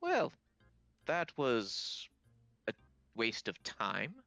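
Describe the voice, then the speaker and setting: A man's voice: mid-range voice, huge pitch swings, extremely slow, vocal fry, bright, forceful tone, dry recording, soft background music, full character voice. A man voicing a smug male villain who mocks and brushes things off in a tabletop game.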